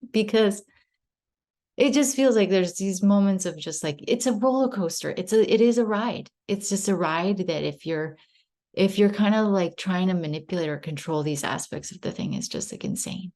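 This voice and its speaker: A woman's voice: mid-range voice, lively intonation, moderate pace, dark tone. A woman in her thirties candidly sharing a personal story in a casual spiritual group chat on a video call, rambling and self-reflective.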